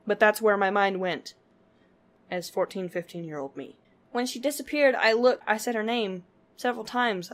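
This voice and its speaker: A woman vlogging to her viewers, telling a story casually with lots of filler words and frequent laughter. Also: fairly high pitch. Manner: chatty, laughs often, full of "like" fillers.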